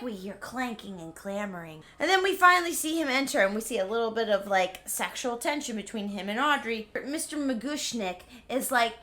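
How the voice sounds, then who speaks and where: A woman's voice: on the high side, expressive, normal speed, pushed and bright. A tipsy woman vlogger who gives a rambling, giggly comedic retelling and often interrupts herself.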